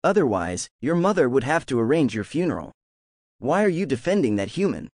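A man's voice: mid-range voice, sing-song, brisk, a little mellow, dry recording, studio quality. A man voicing a proud, scornful thunder-god king who scolds his son in a fan-made audiobook. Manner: scornful, commanding.

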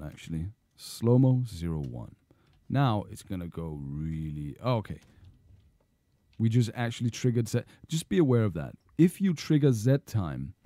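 A man walks through a video game tutorial in a rambling, playful way, often catching and correcting himself. His voice is low and very dark, yet it swings with a lot of life. The recording is dry and close. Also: no echo. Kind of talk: casual screen-recorded tutorial.

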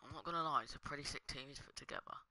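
A man's voice: a little high, racing, pushed and bright, no echo. A young man commenting casually on his own gameplay, swearing and muttering under his breath. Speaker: gaming streamer.

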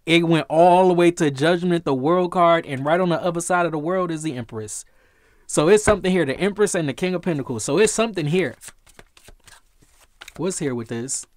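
A man giving an excited tarot reading, swearing often and talking to his viewers. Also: on the high side, a little fast. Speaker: tarot reader.

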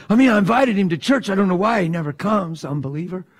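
A man preaching with fiery passion, his voice sitting high for a man. He talks with lively animation, slipping into mock voices to make a point. He sounds middle-aged. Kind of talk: sermon.

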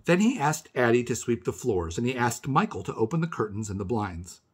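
Storybook reader, male, animated pitch, slightly husky, expressive. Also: fairly quick. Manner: expressive, pointing out the pictures. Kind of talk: children's read-aloud narration.

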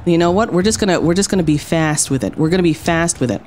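Playful woman streamer, lively pitch. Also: quick pace, a little hiss or hum. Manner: playful, theatrical, lots of exclamations and laughs. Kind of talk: casual game commentary.

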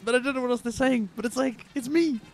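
An adult man chatting excitedly to viewers as he wraps up a live game stream, peppering his talk with "like". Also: very high voice, fast talker, vocal fry. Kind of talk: live-stream casual chat.

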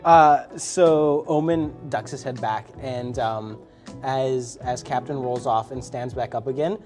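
A man runs a tabletop superhero game, describing rooms and calling for dice rolls in an easygoing, chuckling way. Soft music plays faintly beneath his voice. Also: medium pitch, a little slow. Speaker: game master.

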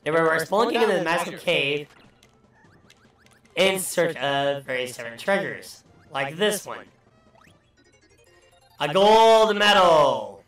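A man hosting a let's play jokes, rambles and swears through casual gameplay commentary. His voice is fairly high, expressive and a bit bright, at a moderate pace. He's far from the mic in an echoey room, with faint music behind him.

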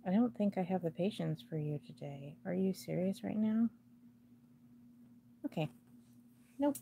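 Woman, unhurried speech, live-stream reseller, chatty, laughs a lot, faint hum behind. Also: on the low side, expressive, creaky, dark tone. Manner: chatty, talks to the items, laughs often. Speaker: online jewelry reseller hosting a live sale. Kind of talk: casual live-stream chat while unboxing.

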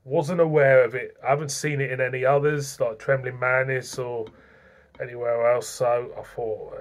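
A man's voice: mid-range voice, level tone, moderate pace. A man reviewing beer in a chatty, self-mocking way, stumbling over foreign names. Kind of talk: casual beer review vlog.

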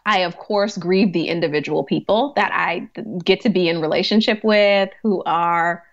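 Telling stories in a podcast interview, a hospice chaplain and grief coach chats away, laughing often and saying "like" a lot. Her voice is lowish and her pace normal, with lo-fi sound.

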